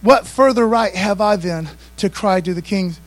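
The audio is poor, but you can hear a man with a high voice preaching at a normal speed. He keeps it conversational, frequently prompting responses from the congregation.

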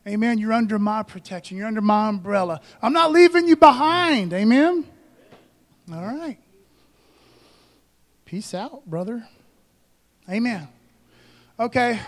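A man's voice: sits high, very animated, a little slow, long pauses. A man preaching a sermon as pastor, conversational and joking, calling out to the congregation.

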